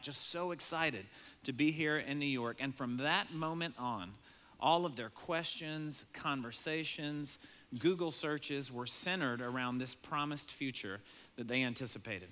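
A bright, forward-sounding male pastor in his thirties, preaching in a relaxed, conversational sermon style. He tells stories with animation, chuckling often and jumping into a high, excited voice to mimic his children. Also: normal speed. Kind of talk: sermon with storytelling.

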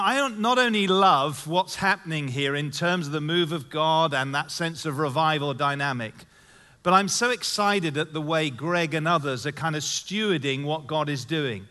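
Bright-voiced English preacher. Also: male voice, fairly high pitch. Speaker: guest preacher. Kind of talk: sermon.

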